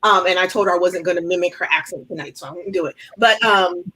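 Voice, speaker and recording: A woman in her thirties with a bright, clear tone, talking over a video call. She chats loosely and rambles, with plenty of fillers along the way. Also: fairly low pitch, fast. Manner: chatty and rambling, with many fillers. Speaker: author and panelist. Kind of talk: casual panel discussion.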